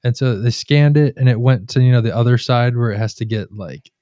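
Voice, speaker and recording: A man co-hosting a casual podcast, spinning long rambling stories and acting out the people in them. His voice is warm and mellow. The sound is dry and close, with no room echo. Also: medium pitch, a little fast. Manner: rambling storyteller, animated retellings. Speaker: podcast co-host. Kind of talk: casual chat.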